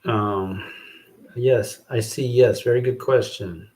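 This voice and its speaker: A man hosting a show, thinking aloud in a halting, musing way as he works out verses, repeating phrases to himself. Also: steady tone, darkish tone. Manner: slow, low-key, self-questioning. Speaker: podcast host writing rhymes. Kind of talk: casual thinking aloud while writing verses.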